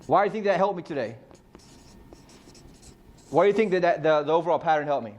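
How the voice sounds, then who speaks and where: Fairly high-voiced man coaching a team. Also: animated, quick pace, a little mellow. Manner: casual, fires rhetorical questions, swears freely. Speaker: real estate team coach. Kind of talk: motivational team meeting talk.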